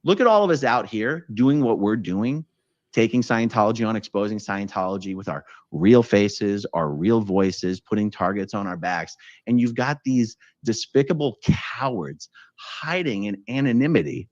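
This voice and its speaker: Indignant low-voiced male streamer. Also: animated, moderate pace, darkish tone, no room sound, muffled recording. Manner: indignant, emphatic. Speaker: show host. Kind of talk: livestream commentary.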